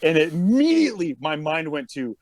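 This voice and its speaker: A man's voice: a little high, moderate pace, gravelly, dry recording. A man telling a story in casual chat, acting out the people in it as he goes. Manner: animated, acts out quotes of others. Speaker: podcast guest, police officer.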